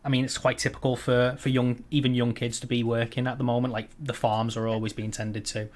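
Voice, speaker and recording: A man's voice: medium pitch, level tone, brisk. A man narrating a tabletop game as dungeon master, rambling with frequent ums and restarts.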